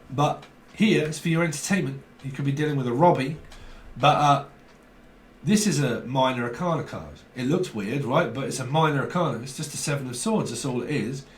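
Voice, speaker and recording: A man giving a casual tarot reading on video, emphatic and dramatic, often checking in with a quick question tag. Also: mid-range voice, a little hiss or hum. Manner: emphatic, dramatic, keeps asking "right?". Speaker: tarot reader. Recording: echoey room.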